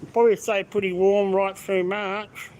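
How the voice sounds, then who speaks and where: An Australian man hosts a casual live-stream while driving through city streets, greeting viewers by name and answering comments. His voice is high-pitched and darkish with a level tone and moderate pace, and the low-quality recording carries car road noise.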